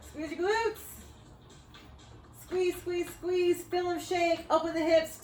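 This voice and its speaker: An upbeat woman fitness coach talks a class through a floor workout, cheering with whoops and sounding slightly out of breath as she exercises along. Her voice is a little high and rings in an echoey room with faint music behind it. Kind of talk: workout instruction.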